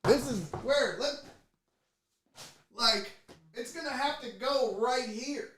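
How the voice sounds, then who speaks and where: A woman hosting a casual online show, talking straight to viewers as she unboxes a gift, excitable and swearing freely. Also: on the high side, slow pace, slightly rough. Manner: excitable and heavily profane; talks straight to the audience. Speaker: sports show host.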